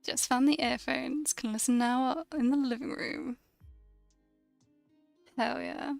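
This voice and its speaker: A woman's voice: high-pitched, fairly even intonation, takes it slowly, vocal fry, no room sound, soft background music. A young British woman from the UK chatting casually and rambling while she draws on a stream, laughing often. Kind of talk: casual chat while drawing.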